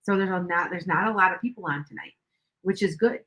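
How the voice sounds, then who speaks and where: A woman's voice: fairly low pitch, fairly quick, bright, forceful tone, poor audio. An older woman hosting a tarot livestream, chatting casually in a rambling way with many restarts. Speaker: tarot reader livestream host.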